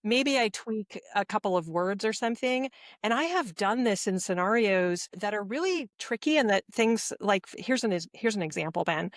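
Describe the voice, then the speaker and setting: Measured woman podcast guest. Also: medium pitch, expressive, no room sound, studio quality. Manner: measured, thoughtful, slows to choose words. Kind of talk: casual podcast conversation.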